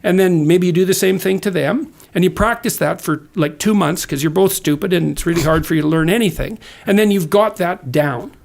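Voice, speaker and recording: A man's voice: high voice, fairly quick, gravelly, hardly any pauses. A man speaking as a podcast guest, earnest and lecturing, with sardonic asides. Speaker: guest author. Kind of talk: conversational podcast talk.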